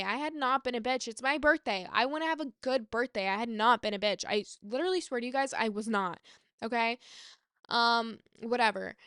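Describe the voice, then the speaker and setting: Casting: woman, 20s, storytime vlogger, bit high, crisp, animated and sweary. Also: brisk, dry recording, clean studio sound. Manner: animated, swearing, quotes others in retelling. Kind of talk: casual storytime.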